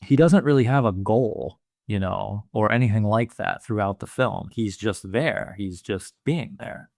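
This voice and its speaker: A man's voice: fairly low pitch, a little slow, creaky, a little mellow, no room sound, clean studio sound. Man musing in casual podcast chat. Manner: thoughtful, musing, many "you know" fillers. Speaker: podcast co-host. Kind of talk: casual film discussion.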